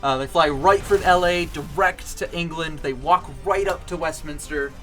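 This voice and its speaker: A man telling a long shaggy-dog joke on a home stream, wandering through it with fillers and restarts. His voice sits a little high for a man. Faint music plays underneath. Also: moderate pace, a bit bright. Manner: rambling, many fillers and restarts.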